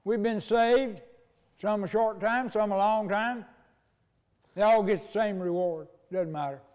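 An older male pastor with a high-pitched voice preaches in a folksy, storytelling way. His words ring out with a long reverb, as in a church hall. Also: unhurried, a little mellow, smooth, highs cut off. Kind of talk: sermon.

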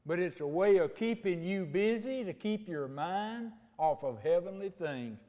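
An older man delivers a homespun sermon, slowing down to stress his points. His voice sits high for a man, and it rings with the long reverb of a church hall, picked up on a mic. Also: animated, dark tone. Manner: homespun storytelling, slows for emphasis. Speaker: preacher. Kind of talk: folksy sermon. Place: church sanctuary.

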